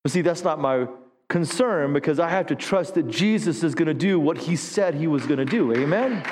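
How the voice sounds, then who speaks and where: A pastor preaching a sermon, calling for the congregation to answer and swinging between hushed stretches and rising appeals. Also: male voice, a little high, lively intonation, normal speed, a little hiss or hum. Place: church sanctuary. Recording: long hall reverb.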